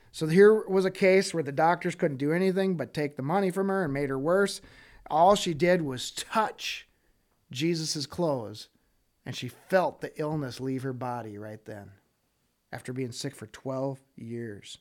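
A man giving a casual Bible teaching, reading scripture and acting out the people in it, often checking in with "okay?". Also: fairly high pitch. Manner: animated, acts out quoted voices, frequent "okay?" check-ins. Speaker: preacher.

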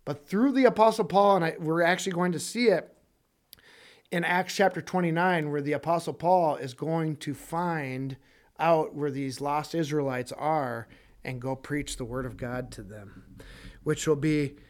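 A man teaching a casual bible study sermon in an animated, conversational way, acting out the quotes. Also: a little high, measured pace.

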